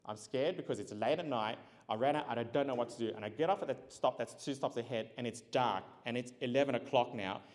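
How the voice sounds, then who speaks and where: Male keynote speaker with a mid-range voice, animated storyteller, recorded with long hall reverb. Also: mid-range voice, quick pace, few pauses. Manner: animated, acts out dialogue, laughs often. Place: large event hall.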